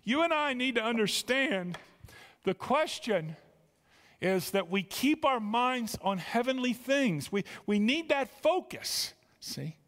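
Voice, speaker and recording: A man's voice: very high-pitched, big pitch swings, takes it slowly, a bit bright. A man preaching a sermon as pastor, emphatic, repeating words and rising with feeling. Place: church sanctuary. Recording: church hall reverb.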